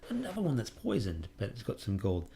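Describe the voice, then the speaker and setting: A man's voice: fairly low pitch, huge pitch swings, brisk, gravelly, background noise. A man hosting a let's play, casually commenting on a game and reading its prompts aloud with wry musing.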